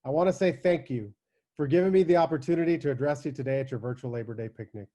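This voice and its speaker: A man's voice: medium pitch, fast, mellow. A man, a judge, giving an earnest, formal recorded video greeting.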